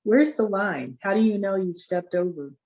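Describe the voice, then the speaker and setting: A woman's voice: mid-range voice, animated, normal speed, darkish tone, lo-fi sound. A woman hosting a conversation, eager and chatty as she tells stories and asks questions. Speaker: host. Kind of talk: casual conversation.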